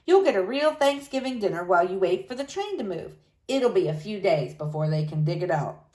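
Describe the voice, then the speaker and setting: A woman's voice: mid-range voice, expressive, fairly quick, darkish tone, close to an everyday voice. A woman voicing a blunt frontier rancher in a storybook, speaking plainly. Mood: plainspoken.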